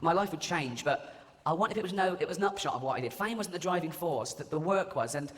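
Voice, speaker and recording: A comedian on stage, his voice lively and rather high as he mocks and swears his way through his set. Long hall reverb carries his words, and a loud crowd hums under everything. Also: quick pace. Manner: mocking, swearing, mimics people. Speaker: stand-up comedian. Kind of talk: live stand-up comedy. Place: large live venue before an audience. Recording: echoey arena with loud crowd ambience.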